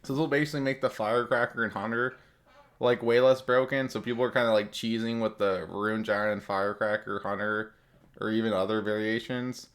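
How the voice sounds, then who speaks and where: Slangy, rambling man with a lowish voice. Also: fairly even intonation, fairly quick, a bit bright. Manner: rambling, loose slangy talk with many fillers. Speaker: gaming content creator. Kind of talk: casual commentary on game updates.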